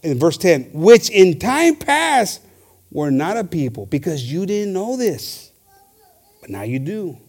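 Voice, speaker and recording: A man preaching a lively sermon, switching between Spanish and English and shouting for emphasis. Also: sits high, slow. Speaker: pastor. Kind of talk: bilingual sermon.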